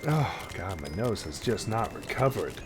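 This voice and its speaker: A man's voice: fairly low pitch, big pitch swings, a little slow, background noise. A man chatting on a live game stream, wry and muttering, still recovering from an illness. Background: faint game music.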